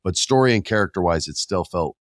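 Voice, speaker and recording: A middle-aged man hosting a casual podcast, animated and jokey, often jumping his pitch for emphasis. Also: fairly quick, no echo, studio quality. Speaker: podcast host.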